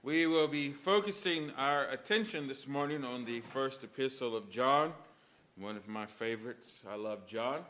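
A male priest preaching a sermon with lively storytelling and emphatic points. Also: medium pitch, normal speed, slight background noise.

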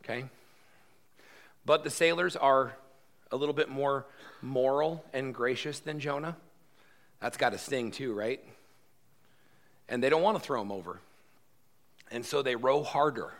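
A man's voice: mid-range voice, measured pace, long pauses. A man preaching a sermon as pastor, emphatic and conversational, acting out quoted lines.

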